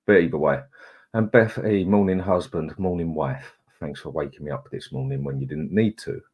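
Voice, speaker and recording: A man's voice: extremely low pitch, moderate pace, slightly rough, lo-fi sound. A middle-aged man, hosting a casual live chat, greeting viewers in a chatty, laid-back way. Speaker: livestream host.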